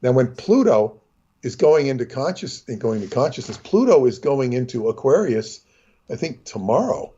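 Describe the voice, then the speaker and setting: A husky-voiced man rambles through a casual chat, restarting his sentences and slipping into character voices. His voice comes through dull, lo-fi call audio. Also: medium pitch, very animated, normal speed, dark tone. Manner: rambling, full of fillers and restarts, acts out voices.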